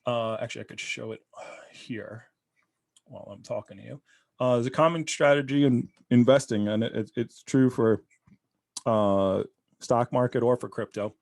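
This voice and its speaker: A man in a relaxed podcast chat, talking at a middling pitch and wandering through his stories with plenty of energy. He circles back on himself often but keeps the anecdotes lively. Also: normal speed, vocal fry. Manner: rambling, animated storytelling. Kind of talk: casual chat.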